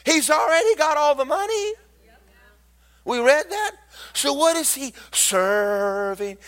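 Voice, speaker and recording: A male preacher delivers an animated sermon, acting out scenes and teasing his listeners. His voice sits high for a man and leaps all over the place in pitch. The tone is bright and forceful. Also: slow pace. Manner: animated, storytelling, mocking asides.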